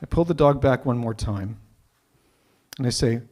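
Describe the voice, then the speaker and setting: A man telling a personal story live, animated and often repeating himself as he builds up. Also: medium pitch, normal speed. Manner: animated, repeats words when excited.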